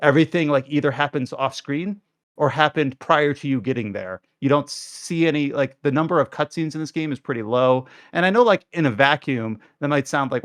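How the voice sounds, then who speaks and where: A man's voice: medium pitch, fairly bright tone, no room sound, studio quality. A man co-hosting a podcast, giving a casual, rambling review with lots of fillers and restarts. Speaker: podcast co-host reviewing games.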